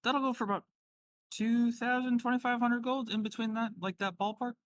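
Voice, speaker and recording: A man's voice: extremely high pitch, fairly even intonation, moderate pace, no room sound, voice pushed up. A man voicing a polite female shopkeeper selling eyeglasses in a tabletop game. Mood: quoting price. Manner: courteous, sales-minded.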